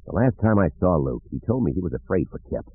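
A man doing gruff, grim Han. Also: sits low, big pitch swings, fast talker, heavily acted. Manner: grim and clipped. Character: Han, a gruff, impulsive middle-aged man. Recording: narrow phone-like audiobook recording.

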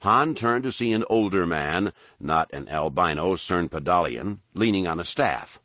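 Low voiced guy reading a novel, lots of up and down, dry mic. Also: measured pace, no echo, dull audio. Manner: lively, expressive storytelling. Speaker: narrator. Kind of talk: audiobook narration.

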